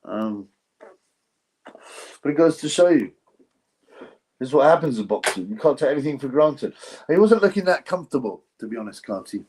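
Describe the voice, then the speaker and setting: A man's voice: mid-range voice, lively intonation, moderate pace, long pauses, darkish tone, a little hiss or hum. A man hosting a live stream, giving blunt, ranting commentary on a boxing event and reading out viewer donations. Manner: blunt, ranting, chuckling asides; reads viewer donations aloud. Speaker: livestream host.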